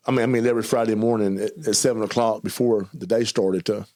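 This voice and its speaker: A middle-aged man with a Southern US accent telling his life story in a casual interview, mumbling and stuttering now and then and talking fast in bursts. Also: fairly low pitch, fairly even intonation, warm tone. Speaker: guest telling his testimony.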